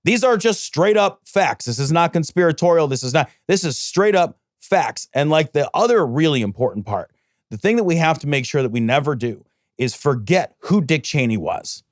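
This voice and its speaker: Lively high-voiced indignant man. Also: moderate pace, dry recording, clean studio sound. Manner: emphatic, indignant, repeats for stress. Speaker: podcast co-host. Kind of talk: casual political chat.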